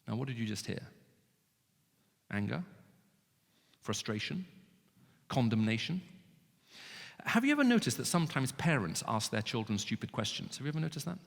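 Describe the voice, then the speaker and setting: A man giving an expressive talk to students, his voice rising sharply when pleading. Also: mid-range voice, moderate pace, vocal fry, pauses often. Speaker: Christian speaker. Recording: reverberant hall.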